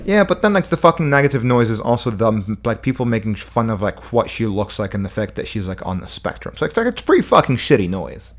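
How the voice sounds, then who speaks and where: A man's voice: on the low side, sing-song, fast talker, hardly any pauses. A young man co-hosting a casual podcast, heated and exasperated, swearing as he argues. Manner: heated, exasperated, mocks others in put-on quotes. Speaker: podcast co-host. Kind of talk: casual profane banter.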